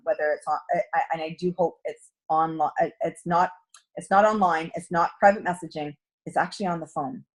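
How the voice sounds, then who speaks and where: Husky woman coaching sales. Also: fairly low pitch. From Canada. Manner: chatty, storytelling, acts out quoted dialogue. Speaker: direct sales team coach. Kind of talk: sales training talk.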